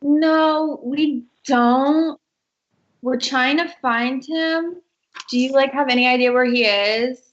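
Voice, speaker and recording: A woman playing in a tabletop game, talking quickly in a chatty, slightly defensive way. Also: sits high, lo-fi sound, a little hiss or hum. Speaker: player.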